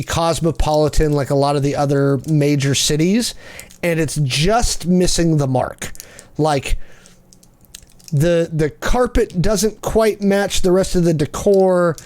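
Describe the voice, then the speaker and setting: A man's voice: a little high, a little mellow, smooth. A man narrating as game master of a tabletop game, rambling with many fillers. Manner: rambling, lots of fillers and likes.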